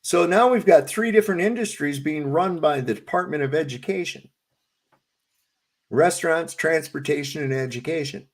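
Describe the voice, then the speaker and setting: On a casual podcast, a middle-aged co-host with a fairly high voice speaks at normal speed. He rants his way through stories in a blunt, profane style.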